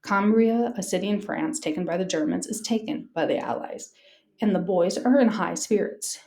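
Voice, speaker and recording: A woman reading a wartime diary aloud to a class, in an earnest, expressive way. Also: medium pitch, moderate pace, echoey room.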